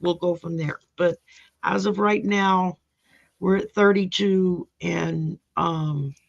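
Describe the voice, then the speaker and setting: A woman's voice: lowish voice, fairly even intonation, slow, creaky. A woman hosting a live tarot stream in a rambling, laid-back way, reading out viewer names. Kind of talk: casual live-stream chat. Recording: dull lo-fi stream audio.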